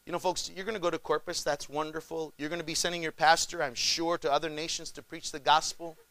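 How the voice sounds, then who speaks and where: A male pastor preaching a sermon, addressing the congregation as folks and swinging from shouts to hushed pleas. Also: fairly high pitch, no room sound.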